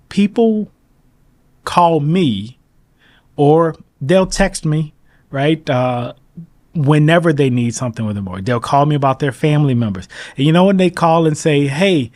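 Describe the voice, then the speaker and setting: A man being interviewed as a mortgage broker, talking in an animated, emphatic way and acting out his phone calls. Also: on the high side, measured pace. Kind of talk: casual interview talk.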